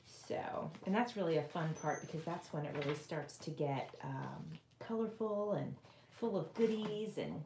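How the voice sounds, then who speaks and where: A woman's voice: low-pitched, measured pace, echoey room, background noise. A middle-aged woman hosting a casual crafting livestream from her home craft room, chatting and rambling as she works and reads viewers' comments aloud.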